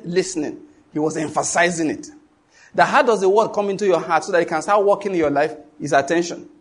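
A man's voice: high-pitched, breathy edge. A middle-aged man with a Nigerian English accent preaching a sermon, emphatic and questioning the congregation so they finish his lines.

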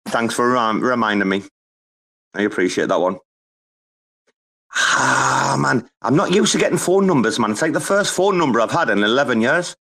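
A man's voice: medium pitch, lively intonation, normal speed, vocal fry, fairly bright tone. A man hosting a casual chat, joking around and swearing freely. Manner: loose, swearing, joking banter. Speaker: host.

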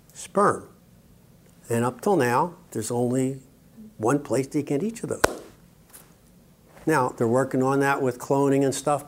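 An older man delivering a sermon-style teaching talk in a mid-range voice. He drives his points home emphatically, breaks off for joking asides, and keeps asking "okay?" to check that his audience is with him. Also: medium pitch. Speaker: conference speaker.

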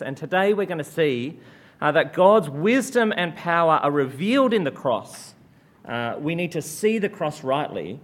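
A man gives a sermon as a guest preacher, his voice sitting somewhat high for a man. He talks in a relaxed, storytelling way, stringing anecdotes together with plenty of "uh" fillers. His prayers come slower and quieter than his preaching. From Australia. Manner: conversational storytelling with frequent "uh" fillers; hushed, slow prayer.

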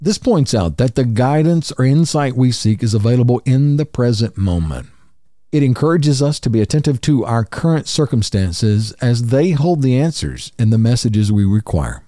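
A man hosting a podcast, calmly reading spiritual quotes and explaining each one. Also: mid-range voice, normal speed, dry recording, studio quality. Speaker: podcast host.

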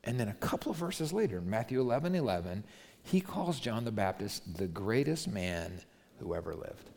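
A man with a lowish voice preaches in a loose, conversational way, swinging his pitch up and down as he tells the story. He drops to a soft, quiet voice for quoted words. A long reverb trails his voice around the hall. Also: big pitch swings, moderate pace. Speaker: pastor. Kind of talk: sermon.

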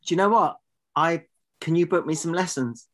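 A man's voice: on the high side, normal speed. A man co-hosting a comedy podcast, rambling and arguing indignantly. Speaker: podcast co-host.

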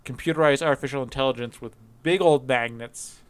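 A man chatting casually on a podcast, his voice smooth and resonant. He rambles through half-formed ideas with lots of fillers and restarts, and he perks up and laughs easily. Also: mid-range voice. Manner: rambling, halting, many fillers; laughs often, animated when joking. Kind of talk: casual chat.

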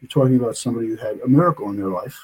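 A man's voice: medium pitch, racing, slightly rough, poor audio. An older man telling a long story as an interview guest, rambling and tagging his sentences with "okay?". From United States.

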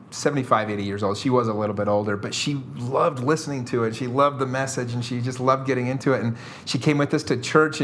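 Laughing man telling an animated story. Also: medium pitch. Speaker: guest telling a mission story. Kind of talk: casual storytelling.

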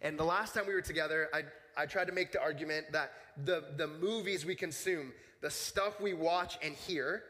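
A man's voice: fairly high pitch, normal speed, hardly any pauses, bright, forceful tone. A man in his thirties, a young adults pastor, preaching casually and telling stories to a church group. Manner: casual, storytelling, acts out voices in quotes. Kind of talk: sermon with personal stories. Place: church hall. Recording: long hall reverb.

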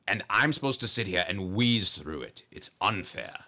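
A man's voice: sits low, lively intonation, measured pace, sharp tone, full character voice. A man voicing a bitter male cyborg doctor villain who rants sarcastically about his grievances. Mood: ranting. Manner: aggrieved, sarcastic ranting.

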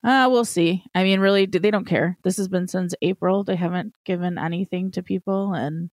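A woman's voice: on the low side, a little fast, darkish tone, dry recording. A woman in casual chat, blunt and frustrated, swearing now and then.

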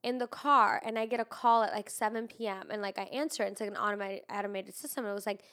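A woman's voice: medium pitch, steady tone, quick pace, fairly bright tone. A young woman with a congested, nasal voice, chatting casually with lots of "like" and some swearing. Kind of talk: casual chat.

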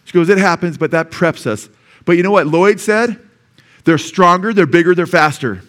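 A male pastor preaching a sermon, animated and conversational, often asking the congregation "amen?" and acting out the lepers' shouts. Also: mid-range voice. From USA.

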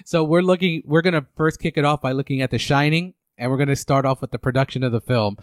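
A man's voice: medium pitch, quick pace, dry recording. A man hosting a casual movie podcast, recapping film history in a rambling way with many restarts. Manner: rambling, lots of fillers and restarts. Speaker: podcast host.

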